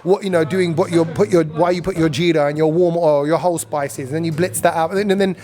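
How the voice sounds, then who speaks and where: A British man, a radio presenter, chatting as a guest with animated, jokey storytelling. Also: on the high side, fast talker. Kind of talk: casual chat.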